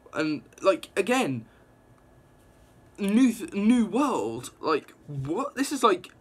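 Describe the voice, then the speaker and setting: Recapping a comic book issue, this young man speaks in a high, husky voice. His delivery is a casual, excited ramble full of "like" and rapid reactions.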